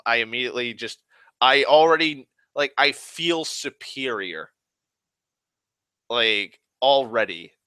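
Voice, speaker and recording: Bright, rambling, profane man from Massachusetts. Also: mid-range voice, animated, slow pace, smooth, no echo. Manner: profane, rambling, self-mocking. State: drinking whiskey, tipsy. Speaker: livestream host. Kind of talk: rambling casual monologue.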